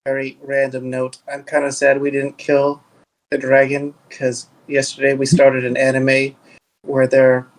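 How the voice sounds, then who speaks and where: A man playing a tabletop game, chatting playfully with quick, excitable asides. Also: medium pitch, rough recording. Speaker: player. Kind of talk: casual tabletop game chat.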